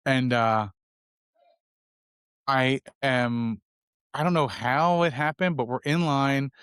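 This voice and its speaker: Animated middle-aged man, smooth close voice. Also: mid-range voice, takes it slowly, no room sound. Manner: animated storyteller, acts out his kids' voices. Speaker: podcast co-host. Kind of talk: casual podcast chat.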